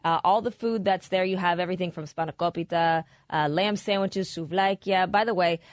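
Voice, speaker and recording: A middle-aged woman co-hosting a radio show, promoting a local event with quick enthusiasm. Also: on the low side, no room sound, clean studio sound.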